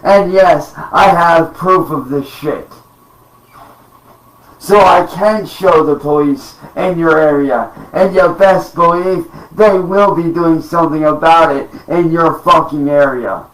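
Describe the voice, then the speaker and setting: A man's voice: on the high side, slow pace, a bit bright, recorded from a distance. A man in an angry, profane rant to camera, threatening and emphatic, recorded at home. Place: home room. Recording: roomy sound, off-mic.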